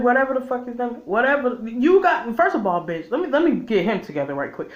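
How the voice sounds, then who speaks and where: Brief: sassy, exasperated vlogger tearing into an episode, swearing freely, mid-pitched voice in an echoey room. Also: big pitch swings, normal speed, muffled recording. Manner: repeats and restarts phrases while venting. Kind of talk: heated ranting review. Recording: roomy echo.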